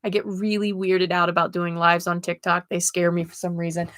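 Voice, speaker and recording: A woman's voice: fairly low pitch, monotone, fairly quick, fairly bright tone, dry recording, clean studio sound. A woman hosting a spiritual livestream, chatting casually with viewers while she reads oracle cards and laughs often. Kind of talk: casual live chat reading oracle cards.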